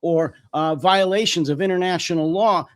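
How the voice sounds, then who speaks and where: A man's voice: high voice, normal speed. An American man hosting a political talk show, speaking indignantly and emphatically with some hesitations. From United States. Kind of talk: political commentary chat.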